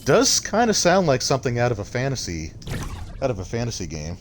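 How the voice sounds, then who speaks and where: A man's voice: mid-range voice, a little fast. A man streaming a video game, rambling and thinking aloud as he chats with his viewers. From Canada. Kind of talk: casual gameplay commentary. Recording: loud steady background noise.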